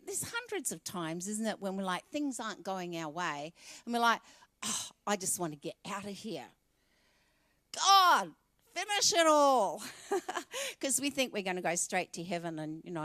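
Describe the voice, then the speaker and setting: A woman's voice: fairly high pitch, a bit bright, no echo. A woman pastor with an Australian accent preaching a sermon in church and speaking straight to the congregation in a conversational way. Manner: conversational, addresses the congregation directly.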